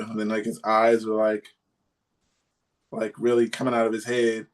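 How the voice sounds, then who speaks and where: A man's voice: fairly low pitch, moderate pace. A man co-hosting a podcast, telling a story in a rambling, casual way with lots of fillers. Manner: rambling, many fillers, animated retelling. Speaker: podcast co-host.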